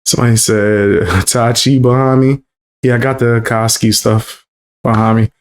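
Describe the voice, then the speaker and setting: A man's voice: mid-range voice, steady tone, moderate pace. A man streaming his reactions to a clip, talking bluntly and mockingly with lots of swearing. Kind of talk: casual reaction commentary.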